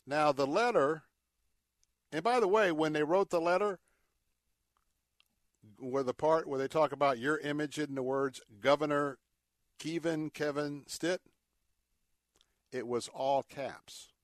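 A male radio talk show host offers opinionated commentary, indignant and emphatic, repeating words for effect and adding sarcastic, folksy asides. His voice is on the high side, a little slow, with frequent pauses. The recording is studio quality with no room sound.

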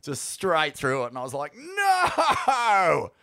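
A man's voice: medium pitch, fairly even intonation, brisk, sharp tone, slight background noise. A man hosting a podcast, chatting casually, swearing freely and laughing through his stories. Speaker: podcast host. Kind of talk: casual chat.

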